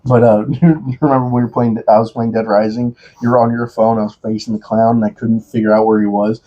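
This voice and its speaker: A man chatting casually on a podcast. His voice is husky and dark in tone, and he rambles loosely and swears often while ribbing his friend. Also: lowish voice, little pitch movement, fast, highs cut off. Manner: rambling, swears freely, teasing. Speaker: podcast co-host. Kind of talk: casual chat.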